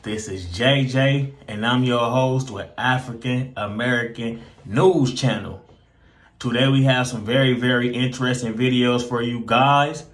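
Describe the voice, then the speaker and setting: A man's voice: medium pitch, steady tone, a little slow, fairly bright tone. A man hosting an online news channel, chatting directly to viewers as he introduces clips. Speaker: host. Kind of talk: casual video introduction.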